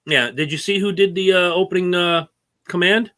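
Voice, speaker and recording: A man co-hosting a casual racing podcast, opinionated and animated as he rants about rule changes. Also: high voice, moderate pace. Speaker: co-host. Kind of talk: casual sports talk.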